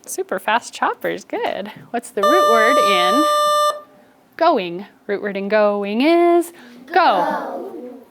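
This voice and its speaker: A woman teaching a first grade spelling lesson, giving brisk, encouraging instructions to her class. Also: a little high, sing-song.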